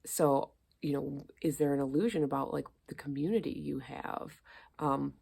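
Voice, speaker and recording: A woman with a low, gravelly, mellow voice talks through astrology in a loose, chatty way. She fills her sentences with little fillers and keeps asking rhetorical questions. She is recording indoors. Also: fairly even intonation, normal speed. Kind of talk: casual astrology talk. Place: indoors among plants.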